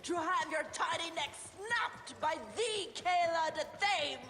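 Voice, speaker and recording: A woman's voice: very high voice, slow, full character voice. An actress voicing a theatrical, menacing female villain in a game, grandiose and mocking as if performing for an audience. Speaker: game character. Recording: distant game audio under crowd noise.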